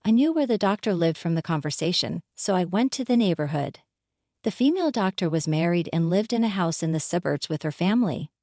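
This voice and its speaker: A woman narrating a scripted first-person story in a steady, matter-of-fact reading voice. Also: medium pitch, no echo, clean studio sound.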